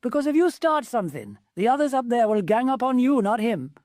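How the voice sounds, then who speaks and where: A woman's voice: a little high, very animated, brisk, a little mellow, no room sound, studio quality, pitched above the performer's own voice. A woman voicing a firm, practical middle-aged mother in a storybook.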